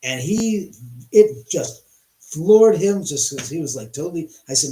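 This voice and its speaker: A man hosting a livestream from his house, rambling and excitable with many restarts and some swearing. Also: fairly high pitch, unhurried, echoey room, slight background noise, poor audio. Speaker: livestream host. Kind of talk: live-stream storytelling.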